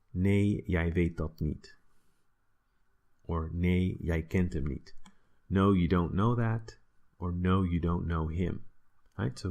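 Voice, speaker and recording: A man's voice: deep voice, creaky, a little mellow. A man explaining a language lesson in a casual, chatty way, full of fillers and checking with "right?". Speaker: language teacher.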